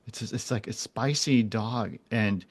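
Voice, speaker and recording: A man's voice: lowish voice, slow pace. A man in his forties, a podcast guest talking casually and earnestly, often restarting and repeating words. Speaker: guest, animal communicator.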